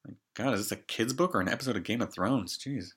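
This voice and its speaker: A man's voice: mid-range voice, fast talker, fairly bright tone, husky. A man reading a fairy tale aloud, stopping often for joking comments on the story. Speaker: storybook reader.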